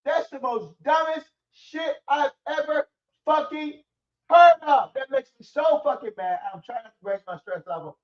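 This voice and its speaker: A sports commentary streamer rants angrily about his football team, swearing throughout. His very high voice is expressive and unhurried, picked up by a distant mic that cuts off the highs.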